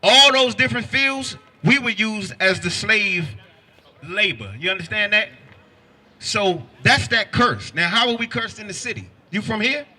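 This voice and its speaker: A man's voice: high-pitched, animated, a little slow. A man preaching on a city street, firing pointed questions at passersby. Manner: forceful, quizzes listeners with pointed questions.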